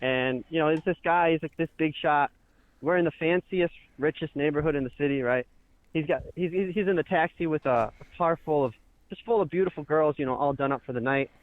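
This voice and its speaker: A man's voice: on the high side, fairly quick. A man calling in to a talk show, telling a story casually and acting out the quotes of people he argued with. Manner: animated, acts out shouted quotes. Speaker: caller. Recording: tinny phone line, dry.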